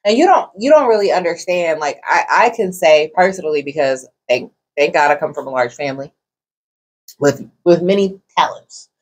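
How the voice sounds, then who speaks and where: A woman's voice: deep voice, lively intonation, moderate pace, husky. A woman co-hosting a casual podcast discussion, speaking earnestly from personal experience.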